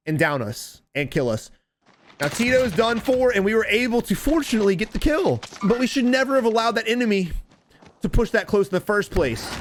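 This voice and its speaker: A man coaching viewers over game footage, deliberately dramatic and emphatic, talking straight to his audience. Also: high-pitched, no echo. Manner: addresses viewers and chat directly. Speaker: gaming coach commentator. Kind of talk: gameplay commentary and tips.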